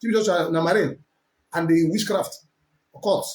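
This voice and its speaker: A man's voice: on the high side, moderate pace, a little hiss or hum. Echoey-voiced Nigerian preacher man. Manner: forceful, mixes Pidgin and Igbo. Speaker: prophet. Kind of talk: preaching to camera. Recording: echoey room.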